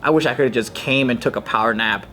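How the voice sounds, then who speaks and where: A man's voice: mid-range voice, quick pace, pushed and bright, faint music behind. A man co-hosting a casual chat, telling a rambling story with fillers. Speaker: co-host.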